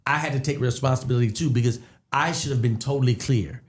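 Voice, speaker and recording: A man who is a comedian, a guest on a podcast, telling a story in an animated, profane way and laughing as he goes. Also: medium pitch, quick pace.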